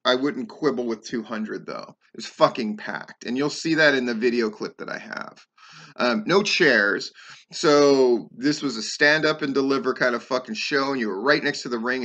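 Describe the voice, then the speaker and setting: On lo-fi audio, a middle-aged podcast host with a medium-pitched, sharp voice gives a casual, rambling review of a wrestling show. It's full of profanity and frequent "um"s.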